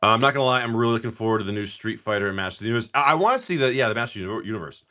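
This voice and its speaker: Animated, swearing card-break streamer guy. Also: fairly low pitch, very fast. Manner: upbeat, swears casually, greets viewers by name. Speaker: live-stream host opening card packs. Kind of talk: casual live-stream chat.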